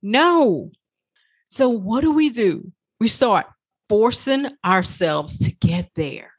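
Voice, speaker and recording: A woman life coach talking through a podcast monologue, animated and profane, acting out her own inner voice. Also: on the high side, slow pace, husky.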